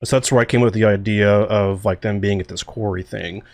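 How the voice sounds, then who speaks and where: This man has a low voice and gives casual director commentary with eager, rambling energy, full of "like" and "you know." The sound is dry and close, with no room around it. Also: brisk, no echo. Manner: excitable, rambling with many fillers. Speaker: series creator and co-host.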